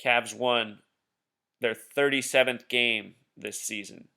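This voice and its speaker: A man's voice: medium pitch, steady tone, slow, creaky, sharp tone. A man talking casually over a screen share, insistently explaining his theories and addressing the viewer directly. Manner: insistent, conspiratorial; addresses viewer as "Truth Seeker". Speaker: video blogger.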